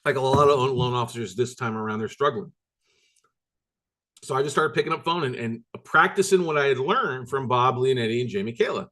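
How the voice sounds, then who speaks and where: A workshop host and note-buying coach with a medium-pitched, sharp voice speaks a little fast in a recorded business workshop. He tells stories bluntly, emphatically, and repetitively, with some mild swearing.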